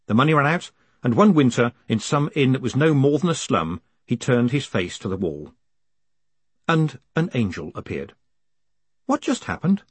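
Man, audiobook narration, wry measured telling, lively pitch, dry sound. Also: husky, dry recording. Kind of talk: scripted narration.

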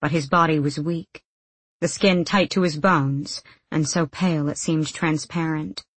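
Woman audiobook narrator, low voice, husky texture, dry close sound, steady pace. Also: no echo. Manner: steady, measured storytelling. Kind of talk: scripted narration.

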